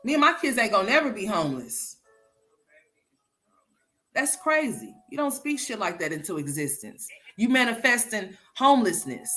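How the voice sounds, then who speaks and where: Speaking in a mid-range voice, a female streamer reacts bluntly and with plenty of profanity, addressing her live chat directly. She swings back and forth between loud and quiet.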